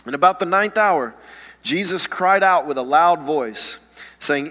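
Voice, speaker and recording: A man preaching a sermon with an earnest, halting delivery, stumbling over repeated words. His voice is bright and fairly high, carried by the long reverb of a church hall.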